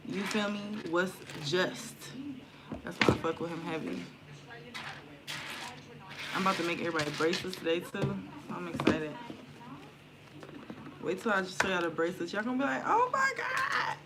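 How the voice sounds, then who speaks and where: A woman's voice: lowish voice, steady tone, normal speed, long pauses. A woman reading tarot and chatting casually to viewers on a live stream at home, slangy and loose, swearing freely. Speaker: tarot reader and spiritual content creator. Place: indoors at home near an open window. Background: outdoor noise through the window.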